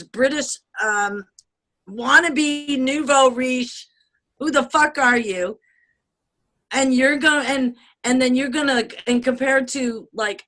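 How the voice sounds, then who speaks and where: A bright, clear-voiced woman from the United States chats casually, rambling with restarts, getting animated, laughing often and swearing freely. Her voice is on the high side.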